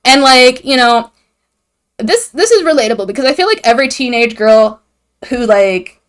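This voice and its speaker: Irreverent high-voiced young woman recapping. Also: animated, normal speed. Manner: irreverent, profane, acts out characters' lines. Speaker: video host. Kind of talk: comedic plot recap.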